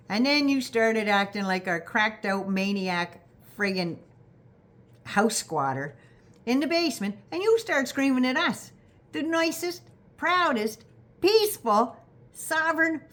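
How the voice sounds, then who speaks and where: An older Canadian woman with a Canadian accent giving a sarcastic, profane political rant straight to her viewers, scolding and rising into loud indignant bursts. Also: medium pitch. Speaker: vlogger. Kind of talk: direct-address political rant.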